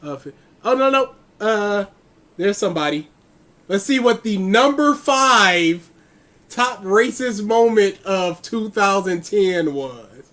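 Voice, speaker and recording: A man's voice: sits high, animated, takes it slowly, a bit bright, slight background noise. Sarcastic man hosting a reaction stream. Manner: sarcastic, blunt commentary. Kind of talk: casual reaction chat.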